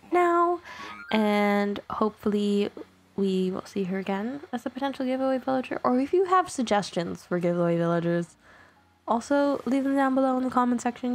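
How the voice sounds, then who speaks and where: A young woman hosting her gaming channel, chatting casually and excitably with many filler words. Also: medium pitch, vocal fry. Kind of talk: casual gameplay commentary.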